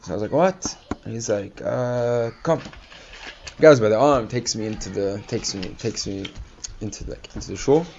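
A man's voice: lowish voice, moderate pace. A man casually telling a personal story, rambling with many fillers and acting out the people he quotes. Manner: rambling, filler-heavy, animated quoting of others. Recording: dull lo-fi recording with faint hiss.

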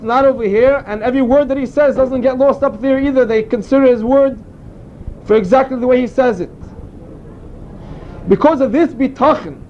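A man's voice: very high voice, a little mellow, dull audio, slight background noise. A man giving an informal Torah class, explaining and telling stories in an earnest way. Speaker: Torah teacher.

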